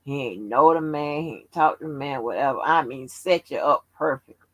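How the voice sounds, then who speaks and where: A woman's voice: rumbling low, moderate pace, fairly bright tone, no echo, low-quality recording. A woman hosting a casual live stream, brash and profane, teasing and needling her chat commenters. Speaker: livestream host.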